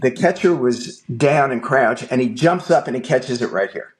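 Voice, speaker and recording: An older man spins a long story as a podcast guest, bringing each character to life as he quotes them. He talks in a plain, mid-pitched voice and builds the tale with relish. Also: moderate pace, a crowd in the background. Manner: lively anecdotal storyteller, acts out dialogue. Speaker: guest, film producer. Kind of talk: animated storytelling.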